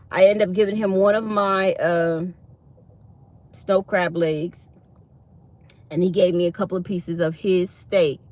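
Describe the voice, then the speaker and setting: Woman, middle-aged, live-stream host, casual storytelling, chatty, acts out both sides of a conversation. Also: fairly low pitch. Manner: chatty, animated retelling of dialogue, reads chat aloud.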